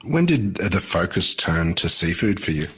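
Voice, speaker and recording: A man's voice: sits low, sing-song, moderate pace, a bit bright, husky. A man hosting a podcast, asking short, direct interview questions. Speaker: podcast host.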